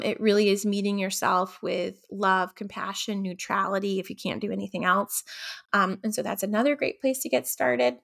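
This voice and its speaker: A woman hosting her own podcast as a coach, talking in a gentle, reflective way with frequent ums. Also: mid-range voice, creaky. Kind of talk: casual solo podcast talk.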